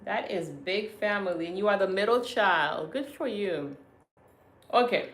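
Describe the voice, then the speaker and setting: Slow-talking woman from Haiti, livestream host. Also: mid-range voice. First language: Haitian Creole. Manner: warm affectionate, addresses viewers as beautiful people. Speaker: hospice channel host. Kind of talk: livestream chat reading viewer comments.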